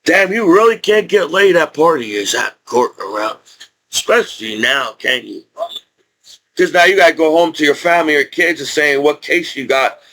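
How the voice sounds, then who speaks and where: A man with a speech impediment vents to camera in a profane, rambling rant, stumbling and restarting his sentences. His voice sits a little higher than most men's. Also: lively intonation, moderate pace, pushed and bright, low-quality recording. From United States. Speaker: vlogger, disabled combat veteran.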